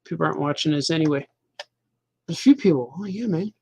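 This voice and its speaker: A man's voice: fairly high pitch, fast talker, vocal fry, slightly rough, no echo. A middle-aged man hosting a casual show as a cartoonist, rambling and joking loosely, half talking to himself while he draws. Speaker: cartoonist and podcast host.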